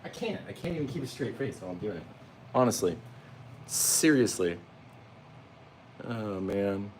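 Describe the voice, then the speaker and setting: A man's voice: mid-range voice, very animated, brisk, echoey room, noisy background. A man teaching a live painting lesson, talking viewers through each brushstroke in a chatty way and calling them "guys". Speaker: painting instructor.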